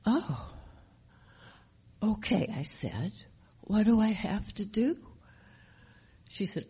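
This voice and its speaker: A woman's voice: medium pitch, slow, long pauses, a little mellow, husky. An older woman sharing her recovery story at a meeting, emphatic and repetitive, often asking rhetorical questions. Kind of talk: personal testimony at a recovery meeting.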